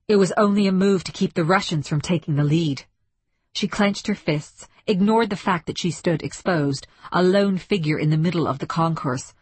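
A woman reading a story aloud as scripted narration, measured and dramatic. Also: lowish voice, breathy edge, no echo. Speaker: audiobook narrator.

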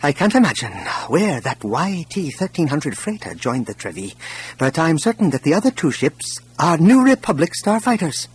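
A man voicing an older male alien elder who speaks calmly and with authority. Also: fairly high pitch, normal speed, husky, voice pushed up, full character voice.

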